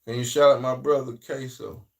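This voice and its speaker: A man with a Southern US accent hosting a casual livestream, talking in a loose, rambling way that swings between loud and quiet. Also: mid-range voice, little pitch movement, normal speed, vocal fry, distant mic. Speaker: livestream host.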